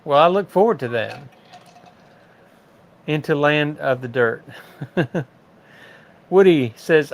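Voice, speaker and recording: An older man from the rural United States, hosting a casual livestream chat and reading viewer comments aloud with easy laughs. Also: fairly high pitch. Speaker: livestream host.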